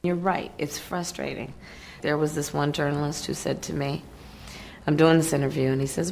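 Woman w/ a gravelly low voice telling a story in an interview, faint hiss behind. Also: fairly even intonation, moderate pace, a little mellow. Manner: chatty, storytelling, laughing asides. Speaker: politician in an interview. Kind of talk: casual interview anecdote.

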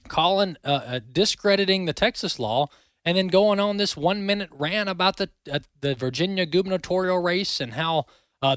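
A man's voice: high voice, a bit bright, no room sound. A male talk show host giving opinionated commentary in an emphatic, indignant manner.

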